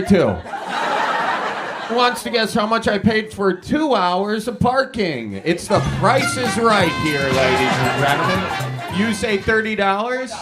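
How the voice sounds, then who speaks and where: A man doing stand-up comedy and bantering loudly and incredulously with the crowd on a comedy club stage. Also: high-pitched. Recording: live club recording with crowd noise. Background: audience laughter.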